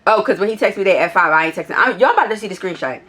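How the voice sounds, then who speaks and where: A woman's voice: mid-range voice, animated, very fast, a bit bright, slightly rough. A woman casually telling a storytime vlog, bluntly and with plenty of swearing, reading out text messages back and forth with an exasperated, incredulous tone. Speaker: vlogger.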